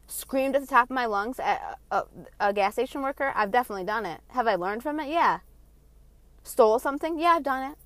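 A woman's voice: a little high, expressive, no room sound. Heated, profane woman ranting. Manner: heated, profane, blunt, fast swings in loudness. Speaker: vlogger. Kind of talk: ranting monologue.

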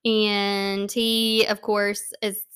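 A woman's voice: mid-range voice, completely flat delivery, drawn-out words, a bit bright, clean tone. Young female co-host, casual and blunt, filler-heavy book banter. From Arkansas. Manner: chatty, blunt, peppered with "like". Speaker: podcast co-host.

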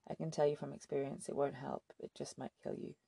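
A woman reading a soft-spoken, menacing pregnant woman. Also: deep voice, a little fast, creaky, breathy edge, no echo, full character voice. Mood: soft menace. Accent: slight accent. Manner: soft, calm, quietly threatening.

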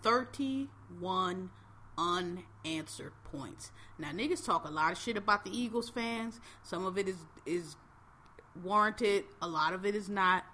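A woman co-hosting a podcast rants profanely in casual chat. Her bright, mid-range voice moves at a moderate pace, with a little hiss or hum in the recording.

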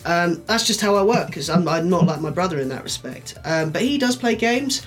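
A man from England in a casual podcast chat, animated and quick to laugh. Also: sits high, faint music behind. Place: shed studio.

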